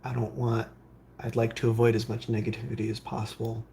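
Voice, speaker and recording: Guy streaming from his workbench, reads chat out loud and rambles back, faint background hiss. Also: medium pitch, little pitch movement, fairly quick, gravelly. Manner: reads viewer comments aloud and answers them; rambling, with frequent fillers. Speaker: streamer building game consoles. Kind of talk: casual live-stream chat.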